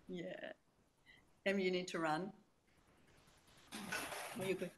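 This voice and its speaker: A middle-aged woman, a retreat facilitator, chatting casually and warmly thanking a guest, her sentences trailing off softly. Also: lowish voice, level tone, extremely slow. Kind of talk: casual chat.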